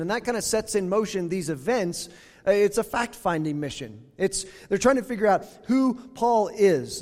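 A man's voice: sits high, in a large hall. A man preaching a sermon in a conversational way, reading scripture aloud with emphasis. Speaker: pastor.

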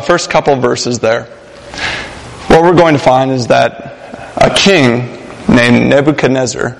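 A man's voice: medium pitch, vocal fry. A young man preaching a sermon in a church, casual and joking with many fillers. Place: church sanctuary. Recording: long hall reverb.

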